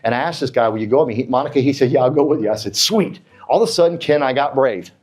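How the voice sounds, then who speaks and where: A man's voice: medium pitch, very fast, faint music behind. A middle-aged man giving a motivational talk to real estate agents, quizzing the crowd and telling stories. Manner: animated, asks the crowd, tells stories with acted quotes. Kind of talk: motivational presentation to a live room.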